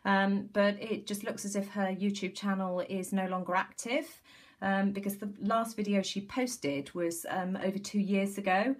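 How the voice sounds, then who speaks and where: A woman's voice: medium pitch, steady tone, a little slow. A woman chatting enthusiastically through a home craft demonstration, with many ums. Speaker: craft tutorial host. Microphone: camera mic.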